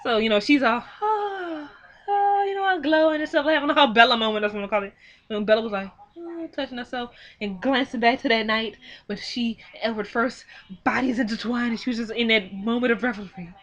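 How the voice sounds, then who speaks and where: A young woman giving a casual film recap, animated and exclaiming, acting out the characters' lines in quick quoted bits. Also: a little high, lo-fi sound. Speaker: film reviewer. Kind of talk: casual movie recap and commentary.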